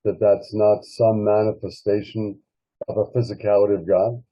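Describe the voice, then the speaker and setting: A man's voice: lowish voice, flat delivery, normal speed. A man in a class asking the teacher a hesitant question from away from the microphone. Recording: distant, dull lo-fi sound.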